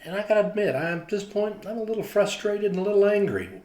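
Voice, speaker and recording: A man, a pastor, telling a devotional story in a lively, animated way. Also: high voice, fast, echoey room. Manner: animated storyteller, acts out quoted people.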